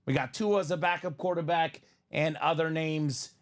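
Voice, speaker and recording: A man's voice: on the high side, fairly even intonation, normal speed. A man hosting a live card break stream, chatting upbeat and calling out picks and viewer names. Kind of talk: live stream banter and play-by-play.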